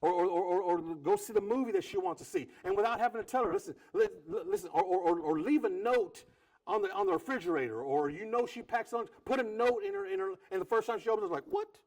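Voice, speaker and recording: A man pastor preaching a sermon, animated, with quick repetitions and acted-out quotes of couples talking. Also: sits high, vocal fry.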